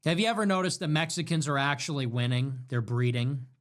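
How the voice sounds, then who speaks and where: A young man rants through a livestream monologue in a mocking, sarcastic tone, his pitch swinging widely as he slips into whiny impressions of others. His delivery is lively and theatrical. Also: brisk. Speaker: livestream political commentator.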